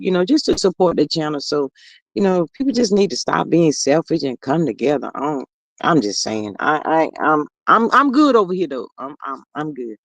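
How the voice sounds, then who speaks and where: A woman's voice: low-pitched, creaky, dry recording, dull audio. A woman hosting a casual livestream, reading viewer comments aloud and greeting people by name in a drawling, chatty way. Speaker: livestream host.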